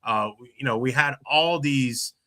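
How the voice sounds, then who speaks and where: A man's voice: mid-range voice, measured pace, bright, forceful tone. A middle-aged man, hosting a casual podcast chat and rambling with many restarts and fillers. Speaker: podcast host.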